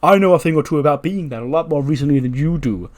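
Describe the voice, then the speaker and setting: A man's voice: on the high side, fast, pitched above the performer's own voice, close to an everyday voice. A man voicing a proud, formal former champion wrestler in a wrestling game playthrough. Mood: haughty. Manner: haughty and formal.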